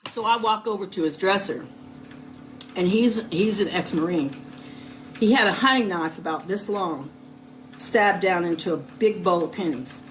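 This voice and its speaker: A middle-aged woman from California, a podcast guest giving a personal testimony, speaking in halting, emotional bursts with repeated words and restarts. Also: lowish voice, fairly bright tone, a little hiss or hum. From United States (California).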